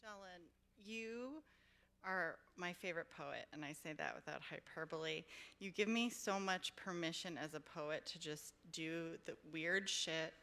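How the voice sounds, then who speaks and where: A woman's voice: lowish voice, unhurried, vocal fry, bright, forceful tone. A woman poet giving a live reading, effusive and self-deprecating in her hesitant chat between poems. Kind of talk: live poetry reading with chatty asides. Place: public library event room.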